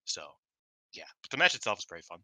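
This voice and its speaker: An animated man talking shop on a podcast, his lowish voice bright and forceful. He swears freely and acts out quotes with lively energy. The sound is dry and close. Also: fast, dry recording. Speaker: podcast co-host. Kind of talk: casual chat.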